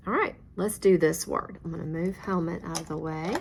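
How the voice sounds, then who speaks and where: A woman's voice: sits low, steady tone, moderate pace, gravelly, a little hiss or hum. A woman teaching a phonics lesson, guiding learners step by step with patient, encouraging praise.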